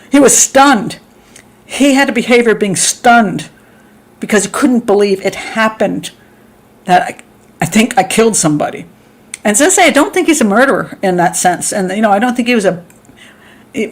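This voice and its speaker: A middle-aged woman hosts a live stream, chatting away and reading viewer comments. She laughs frequently and performs quotes with abrupt pitch jumps.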